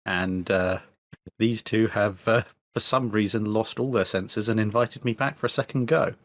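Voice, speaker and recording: Low-voiced man, hesitant dry guest. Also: fairly even intonation, moderate pace, no echo. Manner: hesitant, self-deprecating humor. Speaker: podcast guest. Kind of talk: casual chat.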